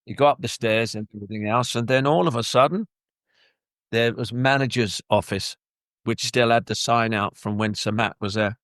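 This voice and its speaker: A man's voice: medium pitch, normal speed, no room sound, clean studio sound. An older man, a former footballer, telling long rambling stories in an interview and acting out other people's lines. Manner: rambling, animated, acts out quoted voices. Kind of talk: anecdotal interview storytelling.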